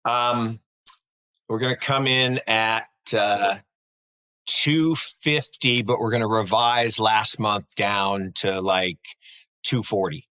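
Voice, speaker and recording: A man from North Carolina co-hosting a markets podcast, telling history in a rambling, animated way with many restarts. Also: on the low side, slow pace, smooth, rough recording. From North Carolina, USA. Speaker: podcast co-host. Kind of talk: casual market chat.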